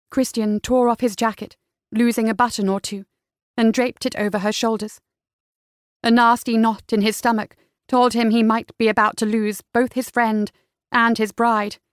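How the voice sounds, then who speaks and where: A woman reads a romance novel aloud in a smooth, steady storytelling voice pitched a little high. The recording is close and dry, with no room sound. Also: dry recording. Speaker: audiobook narrator. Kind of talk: scripted narration.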